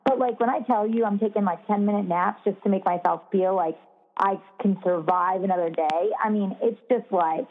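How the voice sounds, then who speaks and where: A woman's voice: mid-range voice, normal speed. A young woman and new mother chatting casually, rambling and swearing freely, with lots of "like". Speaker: podcast co-host, new mother. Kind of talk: casual chat. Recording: phone-like narrow sound.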